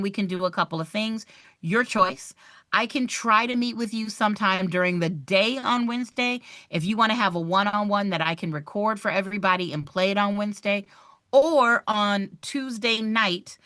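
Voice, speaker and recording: A woman, running a live online review for a real estate exam, chatty and animated as she talks straight to her viewers. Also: medium pitch, no room sound, studio quality.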